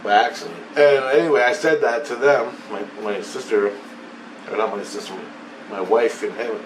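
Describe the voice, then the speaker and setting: A man's voice: medium pitch, moderate pace. A man rambles through a personal story, swearing freely and circling back over his own words. He sounds set back from the mic in an echoing room. A faint ambient hum sits behind him. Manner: profane, excitable, repeats himself. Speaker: vlogger. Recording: roomy and distant from the mic.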